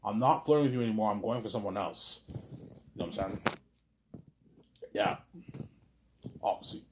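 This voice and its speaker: Rambling man with a lowish voice. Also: animated, moderate pace, noisy background. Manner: repeats "obviously" and "you know what I'm saying", stumbling restarts, crude slang. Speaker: vlog host talking to camera. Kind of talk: rambling casual monologue.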